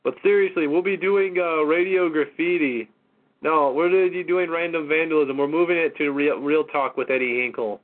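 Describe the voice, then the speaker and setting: A man's voice: a little high, steady tone, moderate pace. A man hosting a casual call-in show, exasperated and mocking, swearing often. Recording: tinny phone-line audio.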